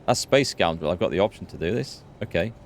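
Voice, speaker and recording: A man's voice: sits low, lively intonation, fast talker, a little hiss or hum. A man hosting a let's play, chatting and laughing through his commentary. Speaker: gaming video host.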